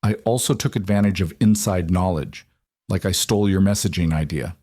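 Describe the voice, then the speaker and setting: A man's voice: sits low, brisk, mellow. A man voicing an insecure adult husband who confesses hesitantly and apologetically in an audiobook. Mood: defensive.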